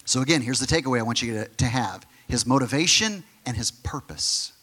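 A male pastor preaching a sermon, emphatic and conversational, who sometimes drops to a soft near-whisper on key phrases. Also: medium pitch, brisk. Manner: direct, conversational asides to the congregation.

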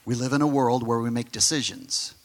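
A male pastor preaching a sermon, emphatic and conversational, who sometimes drops to a soft near-whisper on key phrases. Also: mid-range voice, fairly even intonation, brisk. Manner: direct, conversational asides to the congregation.

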